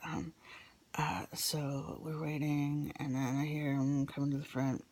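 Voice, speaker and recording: A woman's voice: deep voice, flat delivery, a little slow, darkish tone, slight background noise. A woman vlogger telling a personal story in a rambling, casual way with many fillers, sometimes dropping to a whisper.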